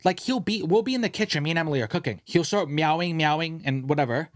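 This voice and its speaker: Brief: rambling, profane podcast host, man, fairly high voice, dry studio sound. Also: quick pace, no room sound. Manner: animated, profane, rambling storyteller. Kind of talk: casual podcast chat.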